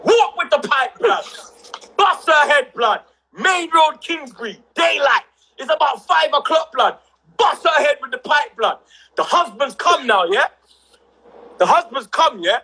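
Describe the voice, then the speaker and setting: A young man, telling a story on a casual livestream with rising excitement and shouts. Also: extremely high pitch, a little slow, low-quality recording. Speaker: livestream co-host.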